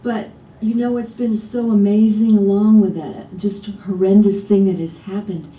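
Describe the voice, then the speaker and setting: A woman's voice: steady tone, measured pace, dark tone, highs cut off. A woman minister preaching a conversational sermon, chatty and often asking the congregation rhetorical questions. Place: church sanctuary. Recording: roomy, distant church sound with faint rumble.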